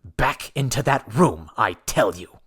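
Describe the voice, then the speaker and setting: A man's voice: medium pitch, expressive, unhurried, fairly bright tone, husky, heavily acted. In this audiobook, a man gives voice to a bold young man who commands and proclaims with force. He speaks with a firm, mid-range voice. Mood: commanding. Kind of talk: audiobook character voice.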